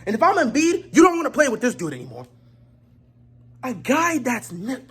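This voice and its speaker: A woman delivering a heated sports rant, exasperated and repeatedly shouting in disbelief. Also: sits high, sing-song, moderate pace. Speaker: sports commentator.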